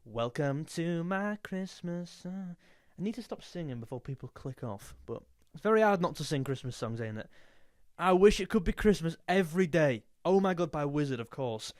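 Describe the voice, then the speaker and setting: A man's voice: fairly high pitch, animated, brisk, dry recording, studio quality. A young man chatting casually and jokily, now and then singing a snatch of a song. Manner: jokey, snatches of sung lines. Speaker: music youtuber. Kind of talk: casual chat.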